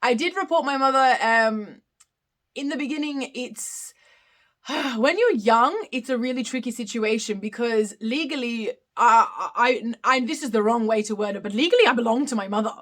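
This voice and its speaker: Bright, chatty Australian woman in her thirties. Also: a little high. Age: 30s. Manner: chatty, giggly, reads comments aloud. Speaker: live Q&A host. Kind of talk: casual live-stream Q&A.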